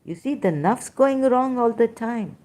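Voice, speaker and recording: A woman giving an informal lecture, reading scripture verses aloud in halting, non-native English phrasing. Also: fairly high pitch, expressive, a little mellow. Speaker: religious critic presenting scripture.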